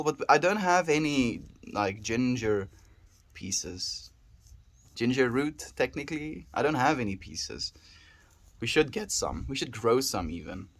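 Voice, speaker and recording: A man talking casually on a livestream, mid-pitched, reflective and musing. He greets viewers and reads their chat messages aloud, then drifts into slow, thoughtful questions. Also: fairly bright tone. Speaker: daily livestreamer.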